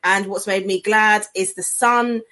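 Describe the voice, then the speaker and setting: A woman, a mother, co-hosting a podcast in brisk, matter-of-fact casual chat. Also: medium pitch, fairly even intonation, pushed and bright. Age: adult with a child. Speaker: podcast co-host.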